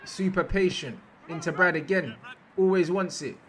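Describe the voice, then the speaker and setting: Over football footage, a high-pitched young man speaking at normal speed reacts in a loose, slangy way. He says phrases again and again and bursts out loudly whenever something big happens.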